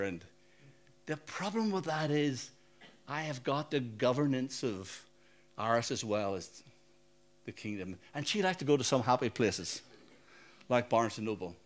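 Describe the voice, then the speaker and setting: An older man from Northern Ireland with a Northern Irish accent, preaching a sermon in a chatty, storytelling way and often asking the audience questions. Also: medium pitch. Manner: conversational, anecdotal, asks the audience questions. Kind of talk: sermon with personal stories.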